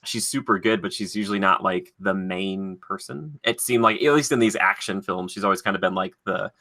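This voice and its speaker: Bright-voiced man in casual podcast chat. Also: sits low. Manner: rambling, filler-heavy, quick to laugh. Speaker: podcast co-host.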